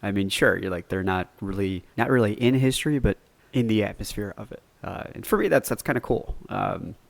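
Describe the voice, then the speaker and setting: Low-voiced man rambling through a story. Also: a little fast, gravelly, no room sound. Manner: rambling, loose, cusses freely. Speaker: podcast host. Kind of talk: casual solo storytelling.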